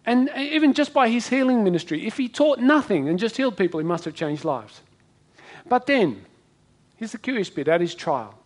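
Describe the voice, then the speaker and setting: A man preaching a sermon to a congregation, dramatic, acting out quoted voices with big swings in loudness. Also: sits high, sing-song, normal speed. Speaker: pastor.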